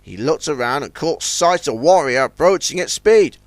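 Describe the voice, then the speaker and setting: A man's voice: fairly high pitch, lively intonation, moderate pace, no echo. A man reading a children's story aloud as narrator, switching between character voices.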